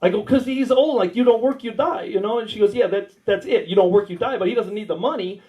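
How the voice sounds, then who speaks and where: Poor audio captures a high-pitched, mellow American man talking quickly. He's doing crude, rambling stand-up stories with acted-out dialogue at a small warehouse comedy night in the United States.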